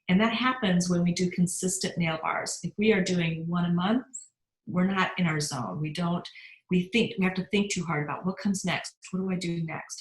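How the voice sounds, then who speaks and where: A middle-aged woman giving an upbeat motivational sales training talk and often asking her listeners questions. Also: fairly low pitch. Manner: upbeat, asks the audience questions. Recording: roomy echo.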